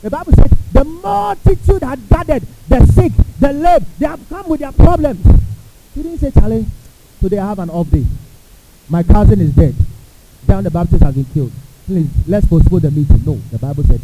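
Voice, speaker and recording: Pastor guy preaching hard, high voice jumping all over, sounds like a phone line. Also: normal speed. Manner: animated preaching, acts out quotes, asks the crowd questions. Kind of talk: sermon. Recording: tinny phone-like sound with faint hiss.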